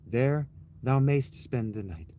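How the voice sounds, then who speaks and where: A man's voice: medium pitch, expressive, slow, dark tone, slight background noise. A man reading as Luned the captive handmaiden. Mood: earnest. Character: imprisoned young handmaiden, earnest and loyal.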